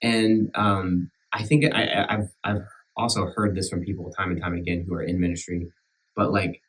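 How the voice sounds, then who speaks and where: A man's voice: sits low, little pitch movement, normal speed, far from the mic, poor audio. A man with a country accent, a church minister chatting casually on a podcast, talking earnestly with many restarts and fillers. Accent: rural American country. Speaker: minister back from sabbatical.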